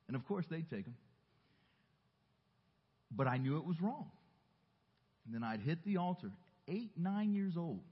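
A man from the Southern US preaching a sermon, telling a personal story earnestly and dropping softly into reflective asides. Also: mid-range voice, animated, measured pace, pauses often, husky. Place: church sanctuary. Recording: muffled recording in a reverberant church hall.

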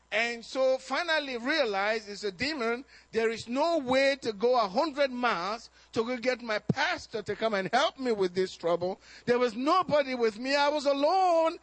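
A man telling a testimony in a sermon, animated and often laughing and shouting. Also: extremely high pitch, no room sound. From Nigeria. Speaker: preacher.

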